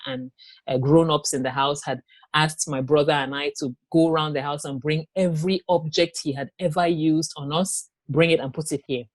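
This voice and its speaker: Woman recounting painful memories haltingly. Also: deep voice, a little mellow, dry recording. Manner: halting, with long pauses, restarts and acted quotes. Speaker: interview guest. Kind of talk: personal testimony in an interview.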